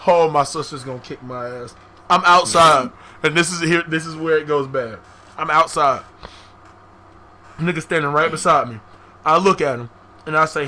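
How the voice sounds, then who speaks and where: A man's voice: sits high, normal speed, pushed and bright. A young man hosting a podcast, telling a story casually, profane and laughing as he goes. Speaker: podcast host. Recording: faint background noise.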